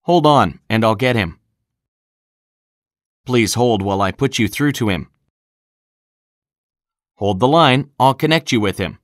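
A man reads practice sentences aloud at an unhurried, measured pace. His voice sits at a middle pitch. The recording is dry and close, made in a studio. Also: expressive, no echo. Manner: clear, deliberate delivery of example sentences. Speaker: English phrase reader. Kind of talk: scripted recorded phrase reading.

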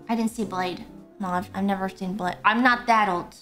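A young woman streaming a game, talking casually, excitable and swearing a lot. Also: medium pitch, normal speed, soft background music. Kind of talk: casual gameplay commentary.

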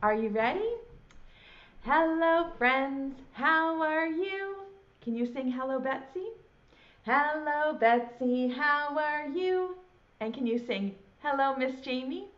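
A woman preschool teacher talking to young children in a slow, sing-song, animated way. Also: high-pitched, highs cut off.

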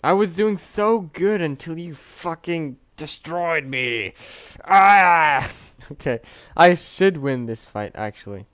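A young man talks over his mobile game in a smooth, clear voice, recorded close and dry with no room sound. He drawls along at an unhurried pace, muttering to himself, then bursts into loud yells and curses when things go right or wrong. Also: on the high side, no room sound. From Canada. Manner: excitable, swearing, swings between mumbling and yelling. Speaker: gaming youtuber. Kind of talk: casual gameplay commentary.

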